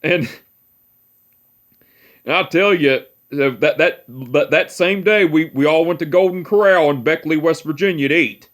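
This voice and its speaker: A young man talking casually in a home vlog, swearing freely and laughing at his own stories. His voice sits a bit higher than most men's. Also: measured pace, a bit bright. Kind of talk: casual family storytelling.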